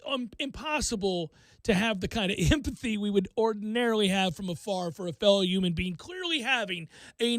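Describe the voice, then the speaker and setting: Excitable high-voiced male sports talk host. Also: dry recording. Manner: excitable, acts out quotes, laughs often.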